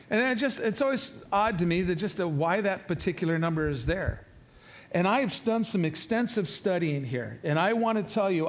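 A middle-aged man preaching a sermon in a conversational, jokey and emphatic way. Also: high-pitched. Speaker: pastor.

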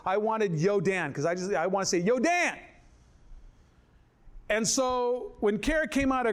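An older man preaching a sermon, telling stories in animated fashion, acting out other people's voices and dropping low and slow for scripture. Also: smooth. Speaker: pastor. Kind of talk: sermon with storytelling.

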